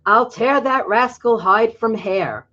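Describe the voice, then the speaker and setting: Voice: medium pitch, slow pace, sharp tone, muffled recording, voice pushed up. A storybook reader voicing a hot-tempered old farmer, blustering in a raised voice. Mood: angry. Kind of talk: storybook reading.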